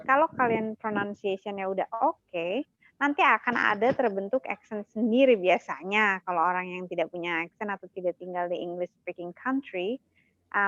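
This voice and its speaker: An Indonesian-accented woman co-hosts a relaxed English-teaching chat, lively and quick to laugh as she mixes two languages. The recording is dull and lo-fi. The room sounds dead and dry. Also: medium pitch, dry recording. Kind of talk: casual bilingual chat.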